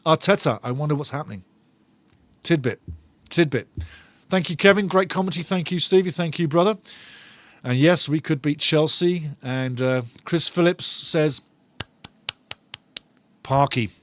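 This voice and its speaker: A man's voice: a little high, a little slow, long pauses, a bit bright. A man with a slightly raised voice hosts a live football watch-along, reading viewers' comments aloud with eager enthusiasm. He tends to repeat his phrases. The sound is dry and close, with no room echo. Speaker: fan channel host.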